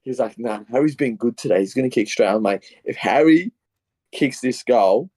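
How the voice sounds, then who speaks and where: Young australian man, podcast co-host, excitable rambling storyteller, dry close sound. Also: medium pitch, moderate pace, no echo. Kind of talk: casual footy podcast chat.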